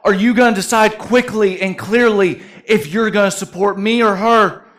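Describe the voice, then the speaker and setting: A man's voice: sits high, moderate pace, fairly bright tone, voice pushed up. A man voicing his exasperated wife as she argues with a voice assistant, indignant and emphatic.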